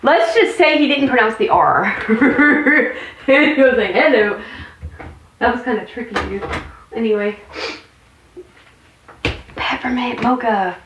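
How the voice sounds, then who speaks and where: Woman vlogger, slightly high pitch, rambling casual home chat with asides. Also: animated, unhurried, long pauses, a bit bright, slight background noise, poor audio. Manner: chatty, rambling, exclaims and mutters to herself.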